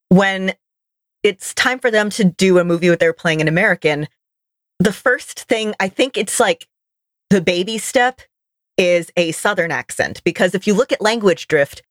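A woman's voice: fairly low pitch, fairly bright tone, dry recording. Woman co-host, casual chatty recap, dry close sound. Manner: chatty, laughs easily. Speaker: podcast co-host. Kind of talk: casual chat.

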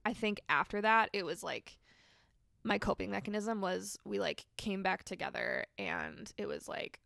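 Candid young woman with gravelly fry. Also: mid-range voice, animated, normal speed, fairly bright tone, no echo, clean studio sound. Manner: candid, storytelling, many "like" fillers. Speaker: guest. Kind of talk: personal testimony in a podcast interview.

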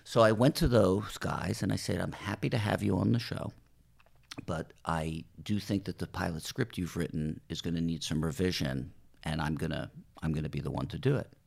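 A middle-aged man from New Jersey, a TV showrunner, telling animated stories in a podcast interview and acting out what people said. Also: low-pitched, normal speed, gravelly. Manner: animated anecdotes, acts out quoted voices, swears casually. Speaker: TV writer and showrunner, podcast guest. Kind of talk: casual storytelling interview.

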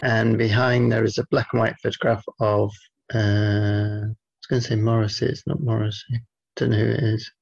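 A man co-hosting a podcast in casual banter, with dry, teasing, deadpan asides. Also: on the low side, normal speed, creaky, husky, dull audio. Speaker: podcast co-host.

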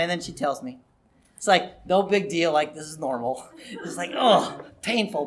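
A man's voice: sits high, lively intonation, moderate pace, fairly bright tone. Earnest male pastor preaching. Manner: earnest, conversational preaching with rising emphasis. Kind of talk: sermon.

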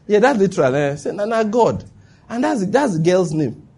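Male preacher, somewhat high, husky and mellow, chatty teaching tone. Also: very animated, normal speed. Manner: chatty, full of rhetorical questions and asides. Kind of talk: conversational sermon teaching.

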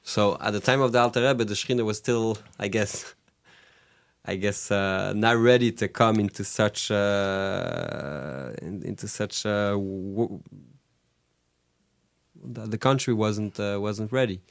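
Gravelly low-voiced man, halting speech. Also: dry recording. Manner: halting, searching for words. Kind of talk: conversational interview.

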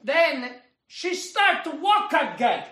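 Man, Italian accent, comic broken-English story, high bright tone, roomy echo. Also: slow pace, distant mic. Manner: animated, repeats "okay?" often. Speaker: comedy video creator.

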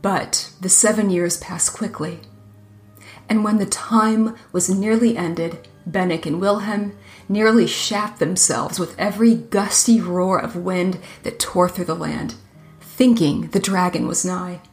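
A woman narrating a fairy tale in an even, measured reading. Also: lowish voice, faint music behind. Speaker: storyteller.

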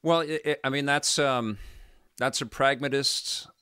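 A man's voice: medium pitch, fairly even intonation, unhurried, bright, forceful tone, clear, resonant tone, no echo. A man hosting a casual chat speaks earnestly and reflectively, with a mid-range voice. The sound is dry and close to the mic. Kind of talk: casual conversation.

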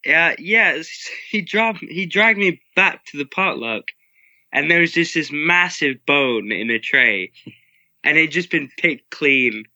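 A young man tells his side of a trip story with dry humor and an easy pace. His voice is very bright and a little high, and the sound is close and dry. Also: expressive, a little slow, dry recording. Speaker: son recounting the trip. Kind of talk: casual storytelling.

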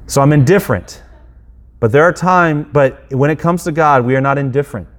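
A middle-aged man, preaching a sermon in a relaxed, self-deprecating way, with acted asides and frequent restarts. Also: fairly high pitch, brisk. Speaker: pastor.

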